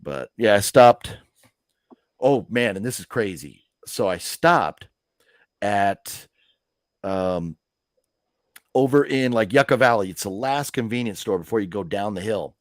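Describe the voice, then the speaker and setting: Low-voiced guy rambling through stories on a live stream, um and uh everywhere, dry close mic. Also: animated, a little slow, pauses often, no echo. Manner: rambling, chatty storyteller with many fillers. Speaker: host of a live movie news stream. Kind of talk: casual chat.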